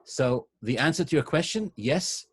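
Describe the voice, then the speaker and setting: A man's voice: fairly high pitch, expressive, normal speed, husky. Conversational man giving a sermon. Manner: conversational, frequent restarts and fillers. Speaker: rabbi. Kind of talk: sermon-style Q&A to a congregation. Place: synagogue.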